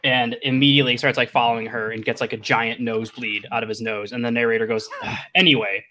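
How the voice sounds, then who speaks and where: Bright-voiced man running a tabletop game. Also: mid-range voice, little pitch movement, fast talker, slight background noise. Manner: rambling, filler-heavy narration. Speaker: game master.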